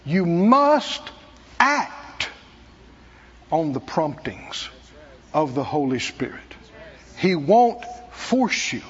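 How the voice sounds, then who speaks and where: A man preaching, telling a self-mocking personal story in an animated way. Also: high-pitched, breathy edge, long reverb tail, muffled recording. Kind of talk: testimony sermon. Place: church.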